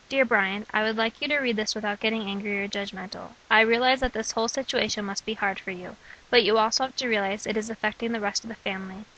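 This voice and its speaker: Bright-voiced young woman reading earnestly. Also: fairly high pitch, a little hiss or hum, low-quality recording. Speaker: person sharing her own testimony. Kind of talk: reading her own letters, prayers and poems aloud.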